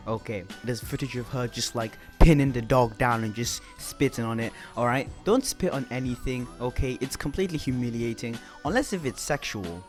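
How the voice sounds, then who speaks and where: Young guy, swearing commentary rant, middle pitch, faint music behind. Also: moderate pace, few pauses. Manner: profane, ranting, lots of filler words. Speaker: YouTube commentator. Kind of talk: ranting commentary video.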